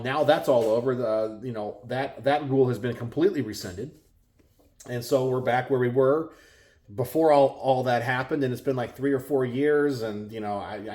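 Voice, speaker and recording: A middle-aged man with a Texan accent, talking casually to his viewers from his garage, exasperated and full of rhetorical questions. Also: a little mellow. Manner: exasperated, rhetorical, mimics others in high voices. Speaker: gun channel host. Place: home garage.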